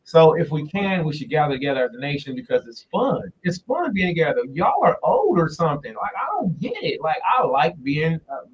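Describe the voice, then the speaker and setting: A man giving a casual religious teaching on a livestream, talking loosely and repeating words slowly, into a phone in front of him. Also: a little high, very animated, distant mic, muffled recording, slight background noise. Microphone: phone directly in front of him.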